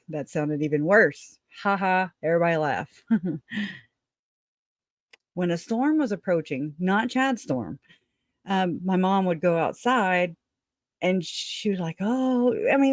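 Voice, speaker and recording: A woman's voice: fairly low pitch, no echo, studio quality. A woman hosting a casual livestream, rambling, chatting with viewers and laughing often. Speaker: livestream host.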